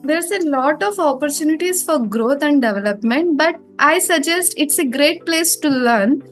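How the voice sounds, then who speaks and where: A woman's voice: sits high, expressive, moderate pace, soft background music. A young woman with an Indian English accent, a former student answering interview questions with many hesitant fillers. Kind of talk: casual interview.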